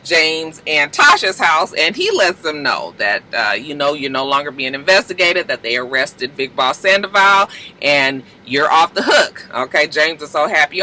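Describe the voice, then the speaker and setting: A man casually recapping a TV episode, animated and slangy, acting out the characters' lines. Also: on the high side, moderate pace, rough recording. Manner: slangy, profane. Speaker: TV recap vlogger.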